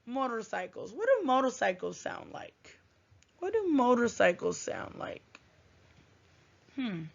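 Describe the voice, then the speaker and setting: A woman teaching a writing lesson to young children, thinking aloud with long hums in a gentle, encouraging way. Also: on the high side, huge pitch swings, slow pace, vocal fry. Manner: gentle, encouraging, sing-song classroom delivery. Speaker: first grade teacher. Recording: dull lo-fi recording.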